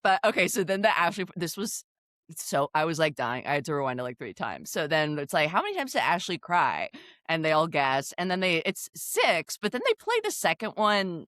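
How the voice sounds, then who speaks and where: A woman co-hosting a casual recap chat, animated, laughing often and acting out quotes. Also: sits low, moderate pace, dry recording, clean studio sound. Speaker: podcast co-host.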